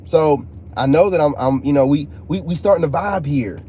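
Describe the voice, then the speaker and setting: A man's voice: on the high side, moderate pace, dark tone, a little hiss or hum. A man, hosting a casual live stream, joking and reading chat aloud. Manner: joking, laid-back, reads chat aloud. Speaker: channel host talking to live chat.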